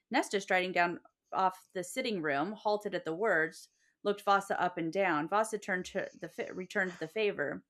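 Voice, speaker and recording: A woman's voice: on the low side, moderate pace, fairly bright tone. A woman co-hosting a book podcast, reading passages aloud with brief casual asides. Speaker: podcast co-host.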